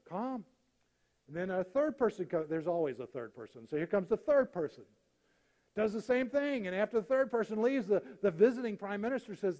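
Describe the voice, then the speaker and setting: A man's voice: sits high, normal speed. A man preaching a sermon, telling humorous stories and acting out the punchlines. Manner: animated storyteller acting out jokes. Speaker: pastor. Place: church sanctuary. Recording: church hall reverb.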